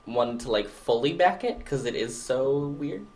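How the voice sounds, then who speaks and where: A man co-hosting a casual podcast, trading dry, deadpan sarcasm with his co-host. His voice sits at an ordinary middle pitch, and his talk is loose and chatty. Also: moderate pace. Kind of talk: casual chat.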